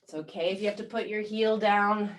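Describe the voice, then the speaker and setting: Fitness instructor, woman, mid pitch; encouraging countdowns, recorded a bit away from the mic. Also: fairly quick, recorded from a distance. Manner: encouraging counting cues, calm coaching. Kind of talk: guided workout class.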